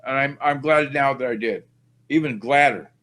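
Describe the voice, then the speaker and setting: Bright and mid-range, this man's voice moves at a moderate pace as he hosts a casual podcast. He rambles and chats, poking fun at himself along the way.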